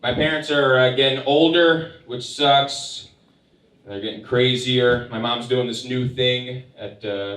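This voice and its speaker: A young man performing a stand-up comedy set, telling stories in a wry, deadpan way with sarcastic asides. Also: mid-range voice, unhurried. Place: comedy club stage. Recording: echoey room picked up from a distance.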